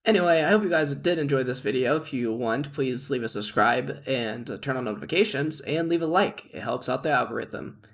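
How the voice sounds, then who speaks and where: A man's voice: mid-range voice, brisk. A young man vlogging, rambling through a work story with lots of fillers and laughter. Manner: rambling, animated retelling with frequent fillers and laughs. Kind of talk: casual storytelling.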